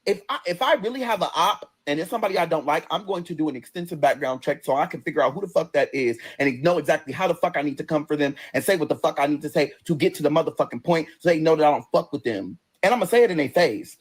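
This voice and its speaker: Husky, combative livestream ranter. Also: mid-range voice, expressive, fast talker, few pauses. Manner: combative, profane, sassy. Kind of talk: profane livestream rant.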